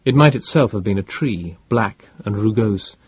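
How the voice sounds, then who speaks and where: A man reading an audiobook in a measured, dramatic narration. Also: fairly low pitch, animated, breathy edge, no room sound, highs cut off.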